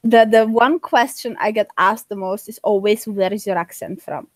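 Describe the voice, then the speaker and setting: A woman's voice: medium pitch, fairly even intonation, normal speed, dry recording. Woman with a mixed, hard-to-place accent. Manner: earnest, speaks in long explanations with restarts. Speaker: guest. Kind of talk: casual live-stream chat.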